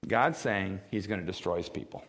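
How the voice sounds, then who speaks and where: A pastor preaching a sermon, acting out quoted voices in a high wail and a grave low tone. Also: male voice, brisk, a bit bright. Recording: long reverb of a church hall.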